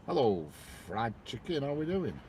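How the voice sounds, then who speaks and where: A man's voice: medium pitch, sing-song, normal speed, mellow, a little hiss or hum. A man, rambling casually to viewers on a train-spotting live stream and greeting them by name.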